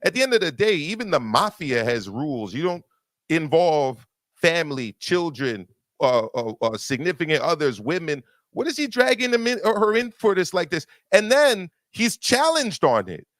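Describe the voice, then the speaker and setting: A man's voice: fairly high pitch, big pitch swings, normal speed, fairly bright tone, no echo. A man hosting a boxing talk show, arguing emphatically and repeating words as he builds his point. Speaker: boxing podcast host. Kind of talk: opinionated casual discussion.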